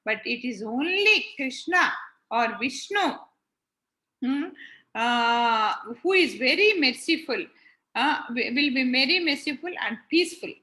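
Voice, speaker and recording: A woman retells sacred stories in a casual, explanatory way, pausing to draw out the lesson. Her voice is high and bright. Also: expressive, rough recording. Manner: explanatory, conversational. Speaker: storyteller. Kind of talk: casual religious storytelling.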